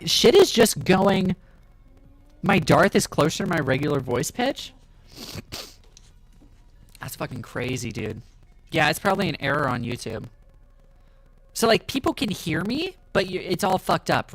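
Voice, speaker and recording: Profane streamer on glitchy pitch-shifted audio. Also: male voice, sing-song, moderate pace, long pauses, poor audio. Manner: loud, profane, exasperated asides to chat. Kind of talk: casual live-stream reaction.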